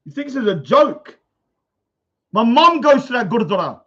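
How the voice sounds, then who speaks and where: A high-voiced man rants on a livestream, loud and confrontational, hammering the same phrases again and again. The sound is dull and lo-fi, as from a basic home setup indoors. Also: big pitch swings, moderate pace. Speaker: livestream host. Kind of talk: ranting livestream chat. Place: indoors at a bungalow.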